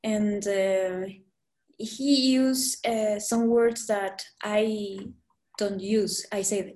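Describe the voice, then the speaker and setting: Slow-talking woman with a Spanish accent. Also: medium pitch, fairly even intonation, a little mellow. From Guatemala. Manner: halting, searches for words, frequent fillers, laughs often. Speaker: guest, Spanish teacher. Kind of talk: casual interview chat. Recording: echoey room.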